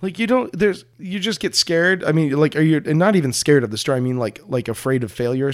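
A man's voice: a little high, brisk, hardly any pauses, no room sound, studio quality. A man co-hosting a comedy podcast, bantering sarcastically in casual chat. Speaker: podcast co-host.

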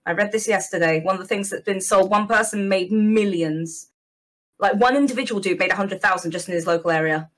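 A woman rambles chattily on a podcast, filling her talk with fillers. Her pitch sits in the middle of the range. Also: fairly quick. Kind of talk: casual podcast chat.

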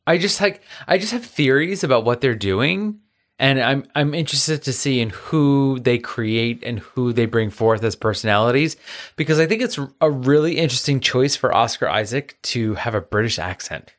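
A man's voice: mid-range voice, animated, normal speed. A man co-hosting a podcast in casual chat, playful with sassy asides. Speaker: podcast co-host.

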